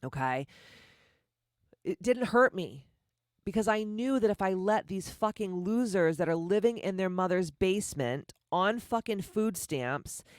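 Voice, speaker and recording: A woman with a deep voice hosting a motivational podcast, blunt, profane and confrontational, firing off repeated rhetorical questions. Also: lively intonation, measured pace, no echo, clean studio sound. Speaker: podcast host.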